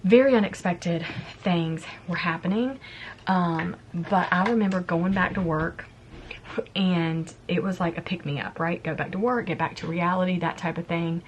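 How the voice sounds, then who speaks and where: A woman's voice: on the low side, normal speed, dull audio, slight background noise. A woman in her thirties, a vlogger, casually telling a personal story to camera in a chatty, confiding way, often acting out what she said. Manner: chatty, confiding, quotes herself. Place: home, yard work heard outside.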